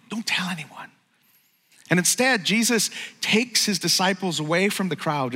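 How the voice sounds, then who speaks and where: A man preaching a sermon in an animated, conversational way, acting out the lines he quotes. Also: sits high, husky, long reverb tail. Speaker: pastor.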